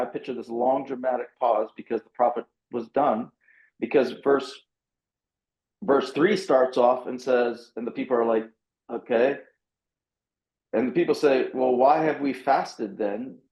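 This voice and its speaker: A male pastor, mid-pitched, retells a passage of scripture in lively conversation and playfully acts out his own inner responses. His voice rings in a roomy, echoing space. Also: measured pace. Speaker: pastor and author, guest. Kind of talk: animated conversational storytelling, reading scripture aloud.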